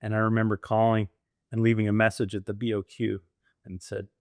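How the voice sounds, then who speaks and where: A man's voice: on the low side, brisk, no echo, clean studio sound. A middle-aged American man, a guest in an interview, telling stories animatedly, laughing often and acting out what others said. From United States. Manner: animated, laughs often, acts out quoted dialogue. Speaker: guest, former military pilot and franchise owner. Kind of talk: conversational storytelling interview.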